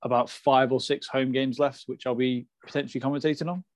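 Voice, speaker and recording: Flat-voiced podcast co-host. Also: male voice, mid-range voice, a little fast, dry recording. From England. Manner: explanatory, repeats words when starting phrases. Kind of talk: casual podcast chat.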